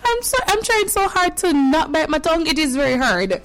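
A woman's voice: high voice, sing-song, fairly quick, a bit bright, soft background music, poor audio. A woman hosting a children's call-in radio show, playful and laughing often as she greets listeners by name. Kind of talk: lively call-in radio chat for kids.

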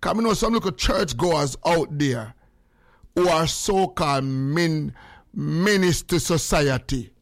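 Animated, gravelly Jamaican man. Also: on the high side, takes it slowly, no echo, studio quality. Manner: emphatic, repeats lines for effect. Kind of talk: animated commentary in patois.

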